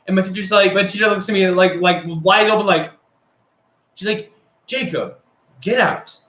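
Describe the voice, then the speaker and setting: A man's voice: high-pitched, fairly even intonation, normal speed, fairly bright tone. A young man casually telling a story from his school days, rambling and swearing with lots of fillers. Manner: rambling, profane, filler-heavy. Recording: echoey room.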